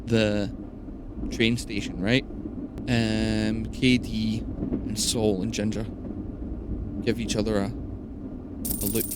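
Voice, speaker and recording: A man's voice: lowish voice, flat delivery, takes it slowly, pauses often, very noisy. A man, casually narrating a tabletop game as game master. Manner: casual, chatty, with fillers.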